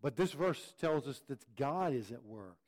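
A man's voice: mid-range voice, lively intonation, moderate pace. A man preaching a sermon, teaching in an earnest way and often repeating words as he restarts. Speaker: pastor.

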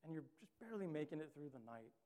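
A young man delivers a casual sermon, telling everyday stories in a loose, conversational way with lots of filler words. His voice sits a little high yet sounds mellow and relaxed. A long reverb from a large hall trails behind each phrase. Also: fast. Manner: casual, storytelling with many "like" fillers. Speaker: pastor.

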